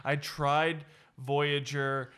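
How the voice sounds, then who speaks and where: Bright-voiced rambling podcast man. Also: fairly high pitch, flat delivery, drawn-out words, clear, resonant tone. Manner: rambling, self-correcting, laughs often. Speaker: podcast co-host. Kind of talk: casual chat.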